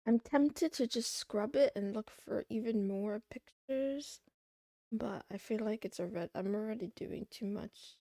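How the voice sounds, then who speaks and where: Woman streamer, slow unhurried chat, slightly high voice, excitable rambling with playful meows, dry close sound. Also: no echo. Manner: rambling and excitable, meowing between remarks. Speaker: livestreamer. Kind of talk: casual chat to a live audience.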